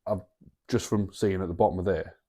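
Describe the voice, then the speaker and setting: A man's voice: low-pitched, fairly even intonation, fairly quick, warm tone, breathy edge. A man co-hosting a sports podcast, chatting casually with rambling, sweary banter. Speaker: podcast co-host.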